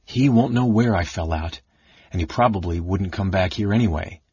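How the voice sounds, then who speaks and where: A man's voice: low-pitched, moderate pace, darkish tone, husky, no echo. A man voicing a small, restless male kender turned into a mouse, scolding himself sternly, on a dull lo-fi recording. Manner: stern self-talk. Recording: dull lo-fi audio.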